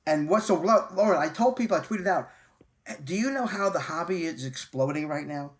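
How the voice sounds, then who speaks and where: A man hosting a live show chat, supportive and quick with affirmations. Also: a little high. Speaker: host.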